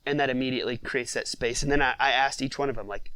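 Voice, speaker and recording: A man, a father of six, telling a family story in a relaxed podcast interview, with lots of fillers. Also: mid-range voice, fast talker, clear, resonant tone, no room sound, rough recording. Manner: conversational, many fillers, reflective storytelling.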